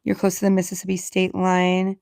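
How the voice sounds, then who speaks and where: A woman with a Southern Alabama accent chats with her livestream viewers in a self-deprecating way. She talks quickly and lets her words slur together. The sound is dry and close, with no room echo. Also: lowish voice, monotone, creaky, a little mellow. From Alabama, USA. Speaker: livestream host. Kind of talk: casual live-stream chat with viewers.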